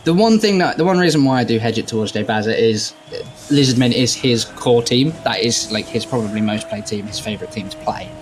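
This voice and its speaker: A man's voice: mid-range voice, animated, fairly quick, a little hiss or hum. A man casually commentating on a video game match, explaining tactics at length.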